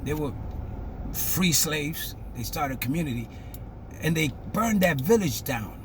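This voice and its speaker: An impassioned man delivers social commentary like a preacher, hammering each point through repetition. His voice sits high and swings widely, emphatic and animated. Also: unhurried, background noise.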